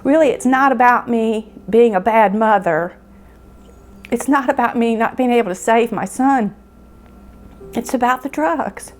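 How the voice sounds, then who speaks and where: A middle-aged woman telling of losing her son, halting and emotional, pausing often as she speaks. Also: a little high. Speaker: bereaved mother. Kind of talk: personal testimony interview.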